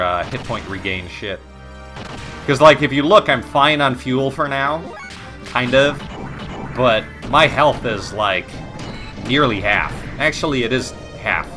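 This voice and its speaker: A man casually commentating a video game, rambling, joking and swearing as he plays. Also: mid-range voice. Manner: rambling, profane, jokey, self-mocking. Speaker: let's play commentator. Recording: game music playing behind. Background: game music.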